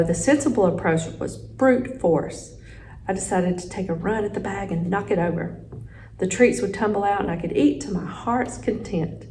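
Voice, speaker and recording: Expressive woman reading a children's book. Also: medium pitch, slight background noise, low-quality recording. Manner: expressive storytelling. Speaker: teacher reading aloud.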